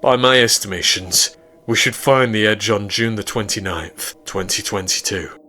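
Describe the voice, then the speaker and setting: A man's voice: fairly low pitch, moderate pace, pushed and bright, a little hiss or hum. A man voicing a self-important male scientist who speaks in a pompous, lecturing way.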